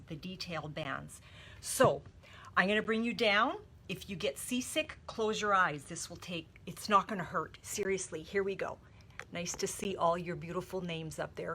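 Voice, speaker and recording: A woman from Canada talks slowly through a live paper-craft demo in her home studio, her voice a touch low. She sounds emotional and close to tears, greeting her viewers by name between steps, with a faint background hum. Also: sharp tone. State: emotional, teary. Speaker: stamping demonstrator hosting a live stream.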